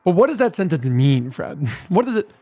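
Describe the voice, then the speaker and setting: A man's voice: high voice, big pitch swings, normal speed, mellow, dry recording, soft background music. A man co-hosting a stream, chatting and joking in a playful, giggly way. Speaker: co-host of a stream reading a document. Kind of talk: casual joking stream chat.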